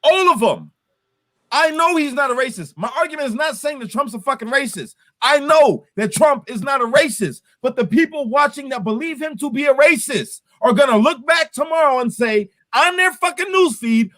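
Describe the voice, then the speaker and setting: A man with an unusually high voice rants through a heated political discussion. His pitch swings widely as he curses and hammers the same point again and again. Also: expressive, normal speed, fairly bright tone. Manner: profane, ranting, emphatic repetition. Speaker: host.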